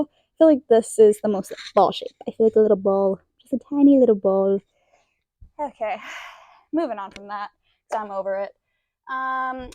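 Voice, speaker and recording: Young woman, yoga teacher, casual and self-deprecating, slightly high voice, dry close sound, a bit breathless. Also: a little mellow, no echo. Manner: chatty, self-deprecating, demonstrating poses while talking. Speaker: yoga instructor. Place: indoor room, yoga mat.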